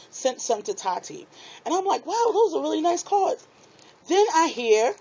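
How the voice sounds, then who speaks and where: A woman chatting excitedly to her viewers while unboxing craft supplies in a small apartment, laughing at herself as she goes. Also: medium pitch, breathy edge. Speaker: craft vlogger. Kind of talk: casual unboxing chat to viewers. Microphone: tablet microphone. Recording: dull lo-fi tablet audio.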